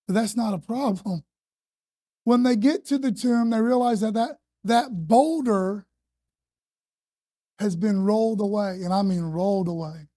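A woman's voice: medium pitch, unhurried, long pauses, mellow, no echo, clean studio sound. A woman preaching a sermon in a conversational, slangy and emphatic way.

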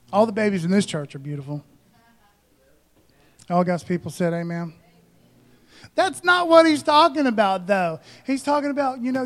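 A man preaching a sermon as pastor, conversational and joking, calling out to the congregation. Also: very high voice.

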